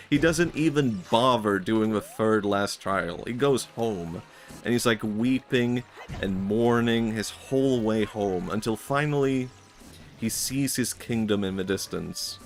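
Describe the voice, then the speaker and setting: A man's voice: lowish voice, unhurried. A man streaming, talking in a rambling, reflective way, full of filler words and frequent laughs. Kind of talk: casual stream chat.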